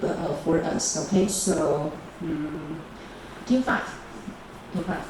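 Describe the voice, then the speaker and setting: A woman's voice: deep voice, slow, distant mic. Echoey classroom teacher, woman. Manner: repeats key phrases and calls on teams. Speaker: high school English teacher. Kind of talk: bilingual classroom grammar lesson. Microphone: camera recording the class. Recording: echoey classroom video with background noise.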